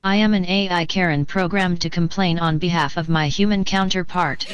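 A woman's voice: on the low side, fairly even intonation, normal speed, noisy background, natural voice. A synthetic female voice playing a robotic AI assistant who complains stiffly and demands answers. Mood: demanding. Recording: dull lo-fi phone sound.

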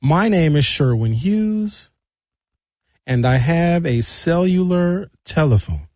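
A man's voice: expressive, slow pace, a little mellow, dry recording, clean studio sound. A man putting on a sing-song Nigerian accent. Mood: mock-formal. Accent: put-on Nigerian. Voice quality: starts high, sing-song swoops. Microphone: studio microphone.

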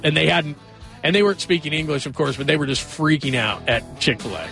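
A man's voice: a little high, lively intonation, fairly quick, creaky, over music. A man hosting a sports radio show, chatting casually and rambling a little as he moves from one story to the next. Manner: chatty, rambling, eager to joke around.

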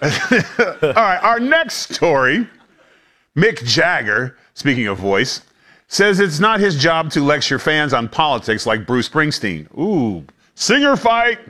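A man hosting a talk show, reading out the next story and teasing his guests. His voice is bright and edged, a little higher than most men's. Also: very animated, slow pace. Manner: wry, teasing. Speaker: host.

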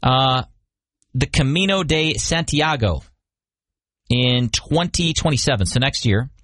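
A man's voice: medium pitch, animated, a little slow, a bit bright, no room sound, studio quality. A man co-hosting a talk show, chatting and joking casually as he tells stories to his co-host. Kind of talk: casual banter.

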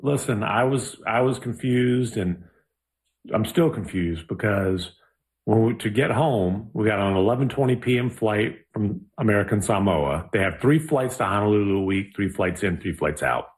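A man's voice: fairly low pitch, normal speed. A man co-hosting a podcast, explaining things in an easygoing, casual chat. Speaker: podcast co-host.

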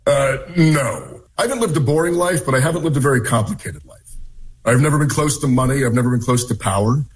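Measured man answering an interviewer. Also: mid-range voice, slight background noise. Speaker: political candidate being interviewed.

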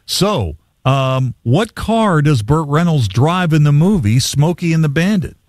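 A man's voice: on the high side, expressive, measured pace, a little mellow, no echo, clean studio sound. A man hosting a sports radio call-in show, chatty, reading trivia with easy asides.

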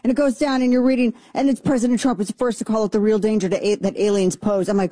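A woman talk host with a mellow, warm voice, riffing through casual comedic commentary. She slips into sarcastic, animated mock excitement, recorded close and dry. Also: medium pitch, quick pace, few pauses, dry recording.

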